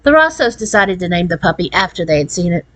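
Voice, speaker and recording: A woman reading a children's chapter book aloud in an expressive storybook cadence. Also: fairly low pitch, fast talker, low-quality recording. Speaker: read-aloud narrator.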